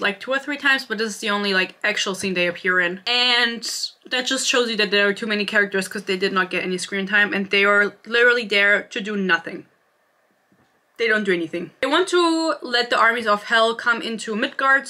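A woman's voice: a little high, pushed and bright. A young woman in her twenties reviewing a book in a casual, sarcastic rant, swearing freely. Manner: sarcastic, swears freely, mimics characters in quotes.

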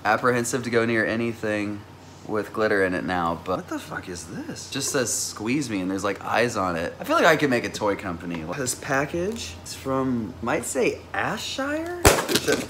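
A young man in his twenties, chatting casually and swearing a lot as he opens fan mail, jumping to high-pitched exclamations. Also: fairly bright tone, slight background noise. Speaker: musician vlogger opening fan mail. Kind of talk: casual vlog.

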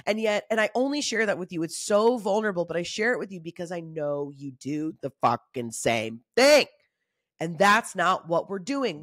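A woman in her thirties hosting a motivational solo talk, candid, casual and animated, often saying y'all. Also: lowish voice, no room sound, clean studio sound. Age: 30s. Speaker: podcast host.

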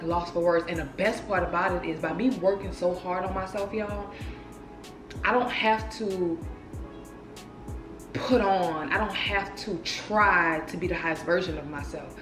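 A woman of thirty chatting casually and expressively to her viewers in a vlog from her apartment. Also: lowish voice. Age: 30s. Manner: expressive, animated, talks straight to viewers. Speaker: lifestyle vlogger. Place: apartment room. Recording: roomy echo with music behind.

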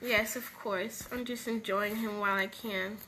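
A woman's voice: medium pitch, fairly even intonation, moderate pace, sharp tone, slight background noise. A woman voicing characters in a casual game roleplay, playful and switching between voices.

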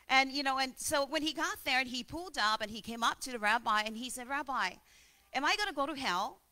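A woman preaching a sermon, telling stories and demonstrating slow breaths. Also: fairly high pitch, bright, forceful tone.

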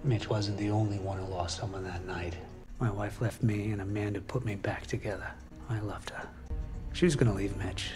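An actor playing a calm, menacing male killer confessing in measured tones, heard as film audio under score music. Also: lowish voice, close to an everyday voice. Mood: cold menacing.

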